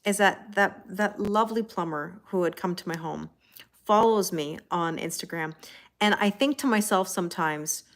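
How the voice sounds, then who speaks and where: Canadian lady doing a chatty tarot livestream, lowish voice, laughs a lot. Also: moderate pace, a bit bright. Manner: chatty, laughs often, answers viewer comments. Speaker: tarot reader. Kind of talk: casual live-stream tarot reading.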